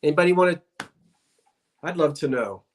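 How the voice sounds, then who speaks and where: A man with a South Jersey accent chats through a home livestream, his voice sitting a touch high. He greets viewers by name, asks curious questions and often restarts his sentences. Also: lively intonation, moderate pace. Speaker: livestream co-host. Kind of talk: casual live-stream chat.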